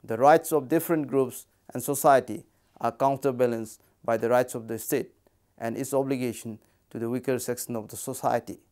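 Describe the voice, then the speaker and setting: A man with an Indian English accent giving a measured academic lecture, reading from prepared text. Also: medium pitch, fairly even intonation, darkish tone.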